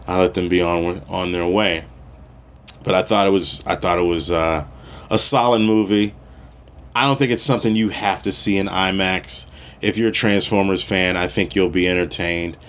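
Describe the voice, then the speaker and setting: Rambling low-voiced male podcast host. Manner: rambling, conversational, frequent restarts and asides, occasional profanity. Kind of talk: casual solo monologue.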